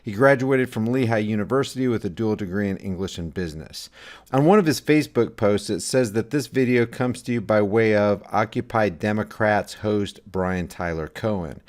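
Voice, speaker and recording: A man with a fairly low voice reads his political commentary as a voice-over. His delivery is scornful and heavily emphatic, built on sweeping rhetoric. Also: normal speed.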